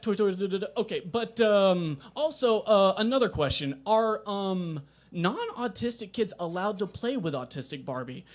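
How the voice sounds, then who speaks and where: A young man with a notably high voice does stand-up at a small coffee shop open mic. His delivery is wry and deadpan, with laughs and the odd shouted aside, speaking into a handheld mic. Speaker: stand-up comedian.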